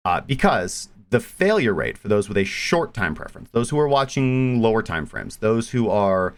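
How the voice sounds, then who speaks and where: Low-voiced man explaining trading strategy. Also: big pitch swings, normal speed. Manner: explanatory, repeats words and restarts often. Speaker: trading analyst host. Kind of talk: live stream market analysis.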